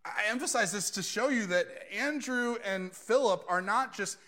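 A man's voice: high-pitched, moderate pace, bright, forceful tone. A male pastor preaching a sermon in a conversational way, slipping into quoted voices as he tells the story.

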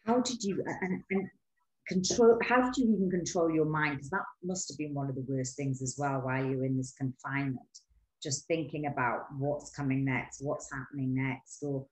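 A woman's voice: a bass voice, fairly even intonation, moderate pace. A woman hosting an interview, asking probing questions in a hesitant, searching way. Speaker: podcast host. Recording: roomy echo.

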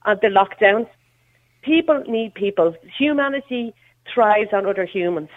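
A woman's voice: mid-range voice, expressive, moderate pace. An Irish woman calling in to a radio show, earnest and heartfelt, talking in a rush. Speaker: caller. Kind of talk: phone-in call. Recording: tinny phone line.

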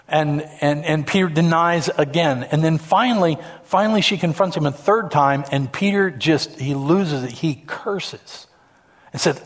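A man's voice: on the high side, normal speed. A male pastor preaching a sermon from a church stage, storytelling in an emphatic way with repetitions.

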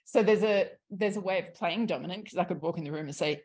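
Fairly quick and husky-voiced, a sexuality coach chats candidly on a relaxed podcast, her low tone staying open and conversational. She's lively, swears freely and laughs a lot.

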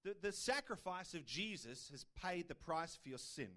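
A pastor delivers a sermon casually and conversationally, often checking in with listeners through rhetorical questions. His fairly high voice is pushed and bright, with big pitch swings at a moderate pace.

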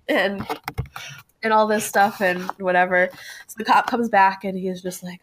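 A woman guest, a cosplayer from Connecticut, telling a story in an animated way and laughing often. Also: mid-range voice, moderate pace. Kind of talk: casual podcast chat.

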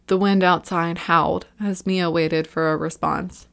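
Horror story narrator: a woman with steady, measured scripted narration. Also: on the low side, gravelly.

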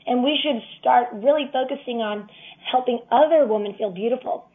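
A woman's voice: on the high side, moderate pace. A young woman as a guest, speaking sincerely and encouragingly from her faith. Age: young adult. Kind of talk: casual interview talk. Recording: tinny phone line.

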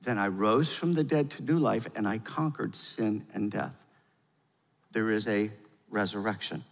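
An older man preaching a sermon as pastor, with emphatic delivery that swings from loud urgency to quiet gravity. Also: on the low side, animated, unhurried, vocal fry. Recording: long hall reverb.

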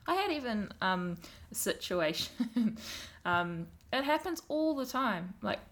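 A woman's voice: medium pitch, very animated, takes it slowly, a bit bright. A woman with a New Zealand accent, talking frankly and emphatically in a casual conversation. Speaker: guest.

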